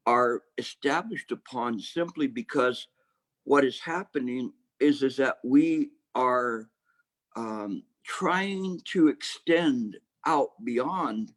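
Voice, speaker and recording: A man teaching meditation, giving a Dharma talk in a reflective, halting way with many restarts. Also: medium pitch.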